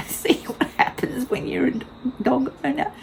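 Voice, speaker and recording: A woman's voice: high-pitched, fairly even intonation, slow, gravelly, a little hiss or hum, rough recording. An older woman tells a casual vlog story in a blunt, candid way, laughing often. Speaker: vlogger.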